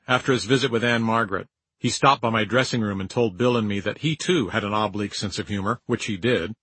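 Older man, husky and dry-witted. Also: mid-range voice, a bit bright, dry recording, poor audio. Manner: dry, wry, measured storytelling. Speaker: memoir narrator. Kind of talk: audiobook memoir narration.

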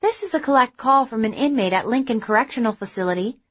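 A woman voicing a flat, robotic automated phone message in an audiobook. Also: on the high side, quick pace, muffled recording, pitched above the performer's own voice. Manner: flat, mechanical.

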